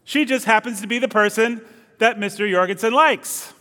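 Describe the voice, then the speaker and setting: Young guy pastor, chatty storytelling sermon, a bit high voice. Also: moderate pace, bright, forceful tone, in a large hall. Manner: conversational, storytelling, self-deprecating asides. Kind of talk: sermon with opening prayer. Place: church.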